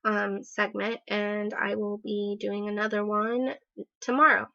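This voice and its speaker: A woman's voice: medium pitch, little pitch movement, measured pace, creaky, pushed and bright. A woman vlogging casually, chatty and rambling with many fillers and self-deprecating laughs. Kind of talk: casual personal vlog. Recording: dull lo-fi sound.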